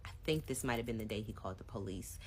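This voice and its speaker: A woman in her thirties tells a personal story to her viewers in a low voice. She is animated and casual, and she acts out both sides of the argument. A faint hum sits under her voice. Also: fast talker. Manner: casual, addresses viewers directly. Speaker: vlogger. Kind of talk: storytime vlog.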